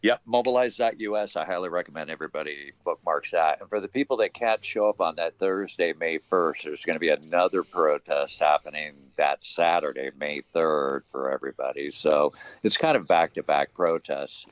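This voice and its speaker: A man from Hawaii, a protest organizer, telling stories in an animated, casual way on a video call. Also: extremely low pitch, normal speed, few pauses. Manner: animated storyteller, chants loudly when retelling. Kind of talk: casual livestream chat.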